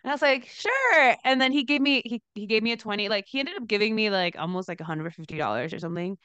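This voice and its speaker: Chatty young woman, smooth dry sound. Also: very fast, no echo. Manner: animated storyteller, lots of "like", laughs into high pitch. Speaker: podcast co-host, dancer. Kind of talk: casual chat, storytelling.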